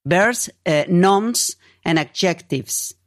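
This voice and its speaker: A woman's voice: lowish voice, animated, slow pace, no echo, clean studio sound. A woman professor explaining ideas in an interview, stressing points by repeating words. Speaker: media psychology professor.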